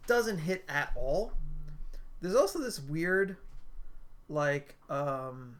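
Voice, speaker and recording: Brief: man, higher-pitched voice, casual rambling game reviewer, lots of fillers. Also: lively intonation, drawn-out words, long pauses. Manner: rambling, with many filler words and restarts. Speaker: gaming video creator.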